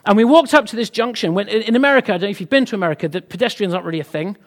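A man's voice: high voice, rapid-fire. A British man preaching a sermon, telling a humorous personal story to the congregation in a chatty way. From Britain. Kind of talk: sermon with anecdote.

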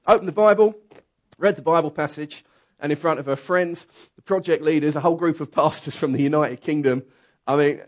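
A man preaching a conversational sermon, telling a story that swings from quiet asides to loud, excited bursts. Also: mid-range voice.

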